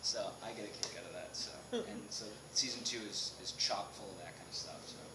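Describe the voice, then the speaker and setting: Laughing actor in an echoey noisy room. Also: male voice, on the low side, a little fast. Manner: animated, laughs often, restarts sentences. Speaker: actor interviewed as guest. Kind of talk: casual interview chat. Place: on a film set.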